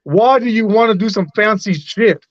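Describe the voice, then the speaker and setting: High-voiced man ranting bluntly. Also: normal speed, no echo, highs cut off. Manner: blunt, emphatic, profane. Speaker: livestream co-host. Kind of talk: profane casual sports rant.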